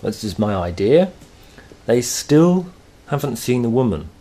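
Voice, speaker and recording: A man teaching a grammar lesson, explaining slowly and patiently with thoughtful pauses. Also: medium pitch, very animated, warm tone.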